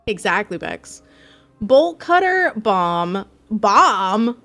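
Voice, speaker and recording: A woman streaming a game live, chatting in a bubbly, excitable way with her viewers. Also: medium pitch, normal speed, faint music behind. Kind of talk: casual live-stream chat.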